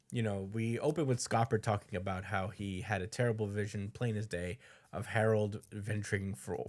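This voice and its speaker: A podcast co-host with a fairly low, slightly mellow voice casually recaps a comic chapter. He rambles, leans on lots of fillers, and acts out the characters' lines.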